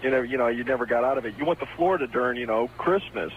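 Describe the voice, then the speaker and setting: A man's voice: mid-range voice, racing. A man calling in to a radio show, chatty and rambling. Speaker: caller. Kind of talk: phone-in chat. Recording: dull lo-fi radio aircheck with faint hiss.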